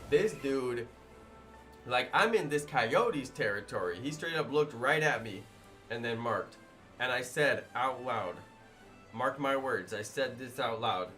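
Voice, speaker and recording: A man who makes gaming videos, telling a story to his viewers in a rambling, animated way. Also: mid-range voice, measured pace, soft background music. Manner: animated, rambling, many fillers.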